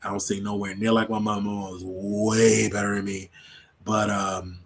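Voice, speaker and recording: A man's voice: on the low side, little pitch movement, normal speed. A man hosting his own show, chatting casually and rambling on a livestream, laughing often. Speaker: show host.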